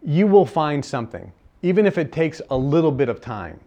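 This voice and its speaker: A man's voice: a little high, very animated, moderate pace, mellow. A man giving a live seminar lecture, emphatic and repeating his key phrases, sometimes acting out bits of dialogue. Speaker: seminar speaker.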